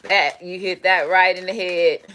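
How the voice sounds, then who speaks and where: A woman doing a casual tarot reading, talking in an animated, profane way. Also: lowish voice, a little slow. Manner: animated, profane, laughing asides. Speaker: tarot reader.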